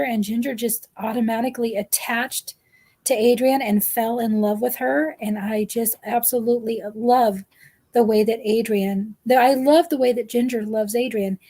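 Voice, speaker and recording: A woman's voice: on the high side, dark tone. A woman guest on a live chat, speaking earnestly and emotionally as a parent, often repeating her words. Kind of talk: heartfelt live-stream chat.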